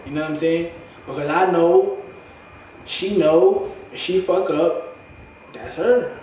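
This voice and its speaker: A young man in a candid, profane, slang-heavy monologue for his vlog, his voice going hoarse. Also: fairly high pitch, slow pace, mellow, slight background noise. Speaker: vlogger. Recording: echoey room, far from the mic.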